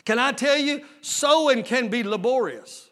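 A man preaching a sermon as lead pastor, using drawn-out emphatic phrasing and calling out rhetorical questions to his congregation. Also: very high voice, expressive, fairly bright tone. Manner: drawn-out emphatic phrasing, stretching key words.

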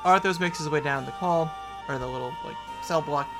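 A man's voice: on the high side, brisk, music in the background. A man narrating a tabletop game as game master, describing scenes casually with many fillers.

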